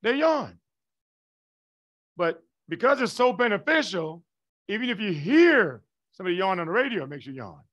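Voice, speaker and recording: A man with a somewhat high voice, lecturing a class in a lively, emphatic way. He often stops to check that everyone follows, calling on the students by name. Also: normal speed, highs cut off. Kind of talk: live online lecture.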